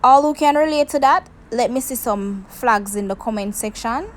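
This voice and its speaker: A Jamaican woman with a slightly high voice hosts a cooking video from her kitchen, speaking at a moderate pace despite poor audio. She chattily walks viewers through each step in a casual demonstration for her cooking channel.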